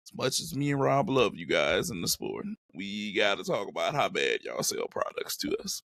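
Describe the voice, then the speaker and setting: A man's voice: on the low side, huge pitch swings, moderate pace, creaky, fairly bright tone, no echo. A man hosting a casual podcast, hyped and slangy as he opens the show. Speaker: podcast host.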